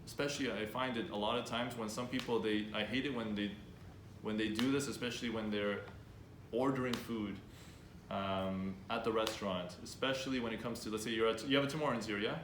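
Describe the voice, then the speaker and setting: A male speaking coach addresses students at a live workshop. He talks in a direct, animated way and acts out unsure speakers. The room is echoey, with faint ambience underneath. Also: fairly low pitch, fairly quick, noisy background.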